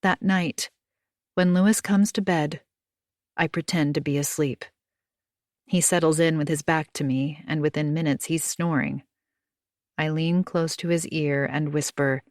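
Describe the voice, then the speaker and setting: Low-voiced woman narrating an audiobook. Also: no echo, studio quality. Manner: intimate and hushed, dropping to whispers at tense moments. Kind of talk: scripted first-person audiobook narration.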